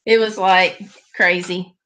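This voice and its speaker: A woman's voice: lowish voice, steady tone, takes it slowly, a bit bright. A woman hosting a live stream, chatting casually and directly with her viewers.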